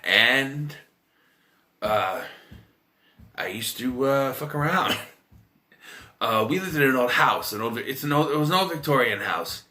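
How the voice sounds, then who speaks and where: A man's voice: medium pitch, animated, measured pace, pauses often, bright, forceful tone. A man in his thirties giving a casual, rambling film review, swearing freely and restarting his sentences often. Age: 30s. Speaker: movie reviewer.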